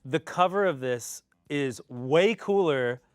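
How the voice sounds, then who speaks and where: A man with a slightly raised pitch co-hosts a relaxed movie-review chat. He rambles with plenty of ums and quick laughs, recorded close and dry. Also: no room sound, faint music behind. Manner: chatty, laughs often, uses lots of fillers. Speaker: podcast co-host.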